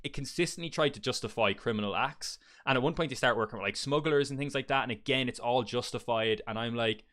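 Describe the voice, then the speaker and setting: Fast-talking blunt man. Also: medium pitch, a bit bright. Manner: chatty, blunt, swears, many fillers. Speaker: game reviewer. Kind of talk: casual spoken game review.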